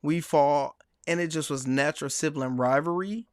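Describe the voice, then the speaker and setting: A man's voice: a little high, normal speed, dry recording, clean studio sound. A man hosting a sports podcast, chatting casually and rambling through a long personal story with run-on asides. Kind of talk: casual chat.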